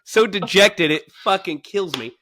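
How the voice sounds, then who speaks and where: Bright-voiced man chatting about movies. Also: high-pitched, measured pace. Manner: animated, laughs often while recounting scenes. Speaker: podcast co-host. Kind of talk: casual movie discussion.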